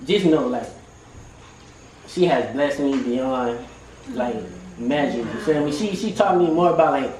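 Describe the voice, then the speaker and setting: A man's voice: medium pitch, a little slow, pauses often, a little mellow, a little hiss or hum. A young man sharing a heartfelt story in a group circle, in loose slangy talk that keeps coming back to "you feel me" and "like". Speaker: team member sharing his story. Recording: roomy, from a distance.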